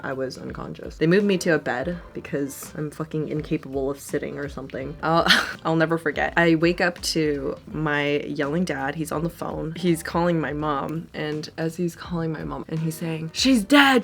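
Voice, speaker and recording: A young woman chats through a getting-ready storytime in a low, fry-laden voice. She talks candidly, peppering every line with "like" and casual swearing. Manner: candid, swears freely, lots of "like" fillers. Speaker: vlogger.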